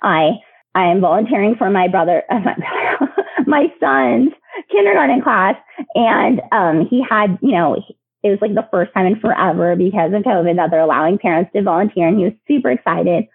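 Guest in her thirties, gravelly husky voice, chatty and laughing, heard over a dry phone-like line. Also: medium pitch, expressive, fairly quick, no room sound. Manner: chatty, many fillers, laughs often. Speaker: podcast guest. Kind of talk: personal storytelling.

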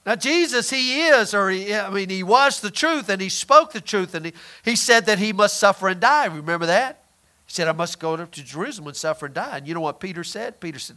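A man preaching a sermon, emphatic, swinging between loud declarations and hushed asides, acting out the people in his stories. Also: high-pitched, animated, brisk. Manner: acts out quoted voices in retelling.

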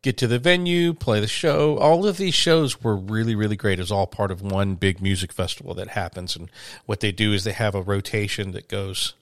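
A man's voice: on the low side, steady tone, brisk, no echo, studio quality. A man telling a story in casual chat, rambling with fillers and restarts.

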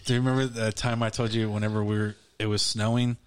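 A man's voice: lowish voice, flat delivery, fast talker, noisy background. A man co-hosting a casual podcast, telling stories in a loose, rambling way full of fillers. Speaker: podcast co-host. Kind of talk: casual chat.

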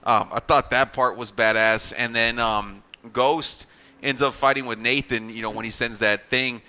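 Bright-voiced man rambling about a movie. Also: steady tone, moderate pace, clear, resonant tone, low-quality recording. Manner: rambling, profane, acts out quotes with rising pitch. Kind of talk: casual movie discussion.

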